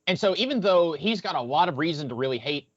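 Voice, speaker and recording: Podcast co-host, male, slightly high voice, loose rambling delivery, dry muffled recording. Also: animated, fast, a bit bright, no room sound. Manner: rambling, many restarts, playing it by ear. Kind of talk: casual film discussion. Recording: dull lo-fi dry sound.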